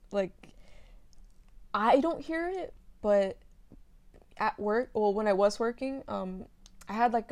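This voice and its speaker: A woman's voice: mid-range voice, darkish tone. Young adult woman from the US, casual Q&A monologue, chatty and slangy, phone memo recording. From from the United States. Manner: chatty, slangy, lots of fillers and laughs. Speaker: audio performer answering listener questions. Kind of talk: casual monologue answering questions.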